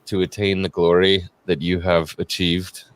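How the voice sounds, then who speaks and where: A man's voice: sits low, level tone, moderate pace, clear, resonant tone. A man chatting on a livestream in a mock-dramatic, joking way. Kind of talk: casual livestream chat.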